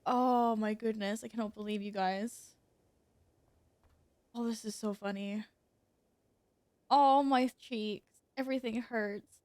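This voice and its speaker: A woman's voice: on the high side, steady tone, slow, pauses often, a little mellow, dry recording. A woman streaming a game, chatting casually to her viewers and exclaiming and giggling a lot. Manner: giggly, exclaiming, talks to chat. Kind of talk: casual gaming stream chat.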